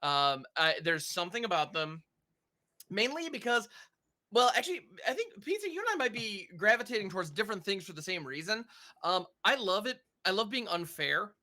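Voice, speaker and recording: A man co-hosting a casual podcast, telling stories with animated enthusiasm. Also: sits high, moderate pace. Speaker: podcast co-host.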